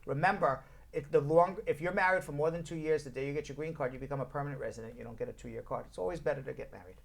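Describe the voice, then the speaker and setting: A man with a New York accent hosts a live call-in show as an immigration lawyer. He answers questions briskly and with emphasis, cracking jokes between answers. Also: a little high, creaky.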